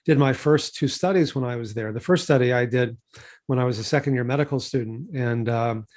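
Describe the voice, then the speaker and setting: A man in his sixties from Texas, a physician telling stories from his career in a relaxed conversational way, full of fillers and restarts. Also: mid-range voice, fairly quick. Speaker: physician and researcher. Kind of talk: conversational interview storytelling.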